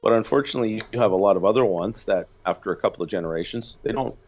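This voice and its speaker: A man's voice: lowish voice, rapid-fire, muffled recording. A man calling in to a show, musing in a thoughtful, hesitant way over a choppy line. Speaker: caller. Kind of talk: casual call-in chat.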